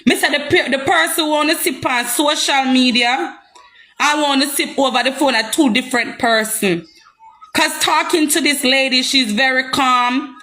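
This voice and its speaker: A woman's voice: sits high, normal speed, pushed and bright. A young Jamaican woman ranting heatedly on a live stream, confrontational and repeating herself. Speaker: social media personality.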